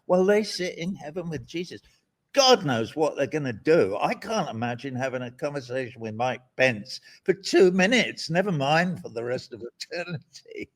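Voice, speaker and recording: An outspoken older man, an interview guest talking about politics, sardonic and animated, with mocking asides and rambling tangents. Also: a little high, moderate pace. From England.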